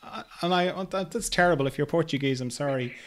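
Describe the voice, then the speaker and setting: Gently rambling podcast host, a man. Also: a little high, a little fast. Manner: rambling with many ums and hesitations, gently humorous. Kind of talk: casual interview chat.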